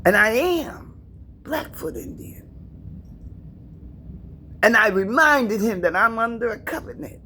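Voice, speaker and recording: A woman's voice: a little high, expressive, moderate pace, few pauses, pushed and bright, slight background noise. A middle-aged woman vlogging from her apartment, giving an emphatic, preachy personal rant to her viewers and repeating herself for emphasis.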